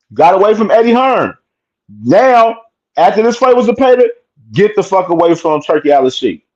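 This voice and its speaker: Emphatic man with a high voice. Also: a little mellow, highs cut off. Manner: emphatic, repetitive, swears freely, slangy. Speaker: boxing commentary host. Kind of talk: casual opinionated commentary.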